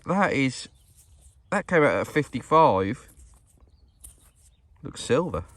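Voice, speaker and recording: A man's voice: medium pitch, animated, normal speed. Chatty British man detecting outdoors. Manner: chatty, upbeat, addresses viewers as ladies and gents. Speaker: metal detecting vlogger. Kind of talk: casual outdoor walk-and-talk vlog. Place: outdoors in a farm field.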